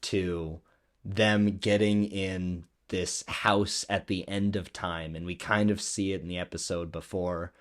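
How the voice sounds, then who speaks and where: Male podcast co-host; very low voice; easygoing casual chat with frequent chuckles. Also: steady tone, unhurried. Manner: laid-back, chuckles often.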